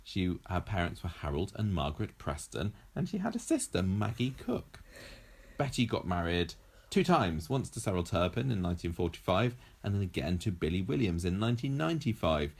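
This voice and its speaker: A man co-hosting a podcast in relaxed, joking chat. His voice is very deep for a man, and he reels off facts from his notes between asides. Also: moderate pace, gravelly, slightly rough. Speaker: podcast co-host. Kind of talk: casual chat.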